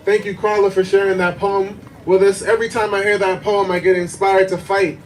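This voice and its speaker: Rousing male activist with a high voice. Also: a little fast. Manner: energetic, rallying the crowd with questions. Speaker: activist speaker. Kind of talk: rousing rally speech. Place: outdoor protest rally. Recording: distant voice, crowd and outdoor noise.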